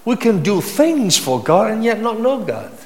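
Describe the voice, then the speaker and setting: Male pastor, sermon, fairly high voice, emphatic repetition, long hall echo. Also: sing-song, moderate pace, a little hiss or hum. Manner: emphatic preaching, rising to high-pitched intensity, with repetition.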